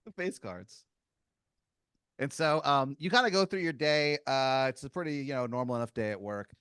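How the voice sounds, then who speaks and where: A man's voice: medium pitch, a bit bright, smooth, no echo, clean studio sound. Rambling man improvising a comic story. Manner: rambling, halting, with many fillers and giggles. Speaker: podcast host.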